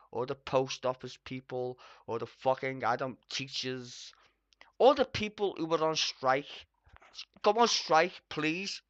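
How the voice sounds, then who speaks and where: A foul-mouthed streamer rants over a debate clip from a home computer, swearing nonstop and bursting into loud, exasperated yells. The voice sits in a middle register, and the recording is dry and a little dull. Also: medium pitch, no room sound. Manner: swearing constantly, ranting with sudden loud outbursts. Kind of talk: angry profane reaction rant.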